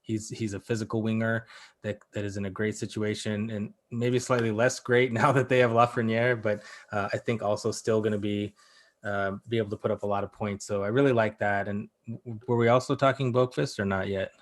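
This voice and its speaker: Low-voiced man giving hockey opinions. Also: flat delivery, brisk. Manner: opinionated, frequent restarts and hedges. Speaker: podcast guest analyst. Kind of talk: casual chat.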